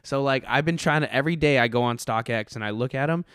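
A man's voice: medium pitch, fast, a bit bright, smooth, no echo, studio quality. A man as a guest in a casual chat, an eager, laughing storyteller.

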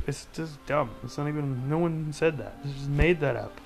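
A man's voice: on the high side, animated, moderate pace, gravelly, rough recording. Male host, loose sarcastic rambler, thinks aloud with lots of restarts, faint music underneath. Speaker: podcast host. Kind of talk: casual rant about news.

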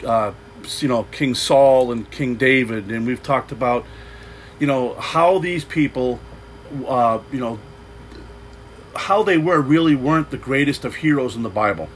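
A man's voice: mid-range voice, a little slow, a little hiss or hum, rough recording. A man preaching an unscripted sermon, loose and rambling, with frequent restarts and repeated words. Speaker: pastor.

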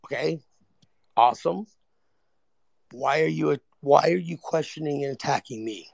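Gravelly, insistent man in an argument. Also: on the high side, a little slow, no room sound. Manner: insistent, repeats words, talks over others. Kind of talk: heated argument.

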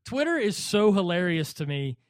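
A man co-hosting a casual boxing podcast, animated and quick to laugh as he mocks how names get pronounced. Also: sits high, clear, resonant tone, no echo, clean studio sound. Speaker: podcast co-host.

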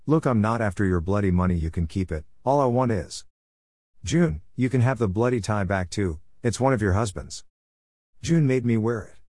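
A man's voice: fairly low pitch, lively intonation, moderate pace, darkish tone, no echo, studio quality. A man voicing an earnest young suitor who snaps when provoked, in a read-aloud story. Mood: angry. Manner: earnest, snappish. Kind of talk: storybook character voice.

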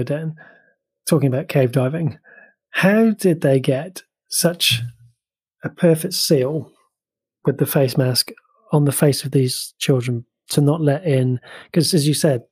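A man co-hosting a relaxed film review chat, his voice slightly husky and recorded dry with no room sound. He talks eagerly, with many fillers and restarts. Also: medium pitch, no room sound. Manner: chatty and enthusiastic, with frequent fillers and restarts. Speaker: film podcast co-host.

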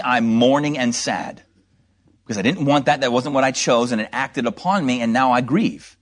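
A man's voice: fairly high pitch, fairly bright tone. A man preaching an expository sermon, explaining scripture verse by verse with rhetorical questions and mocking asides.

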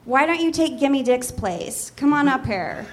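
A woman's voice: high-pitched, expressive, a little slow. A woman reading the lines of a smug middle-aged male TV talk-show doctor on a small theater stage, hardly changing her own voice. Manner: barely changes her voice, reads his lines plainly.

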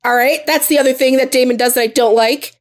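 A woman with a slightly high voice co-hosting a loose, profane podcast chat about a TV show. She swears freely and jumps into quick voices for the characters as she goes. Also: fairly even intonation. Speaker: podcast co-host. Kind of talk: casual chat recapping a TV show.

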